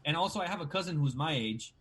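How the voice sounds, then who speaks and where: A man from Tijuana with a Mexican Spanish accent, a guest chatting casually in English, animated and slangy. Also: on the high side, fast talker, breathy edge. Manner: animated, slangy, says dude and bro a lot. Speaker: guest, sports anchor. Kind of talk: casual chat.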